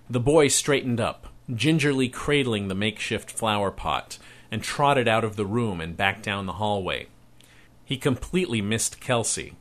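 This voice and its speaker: A man narrating a story aloud in a measured, expressive reading voice. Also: fairly low pitch.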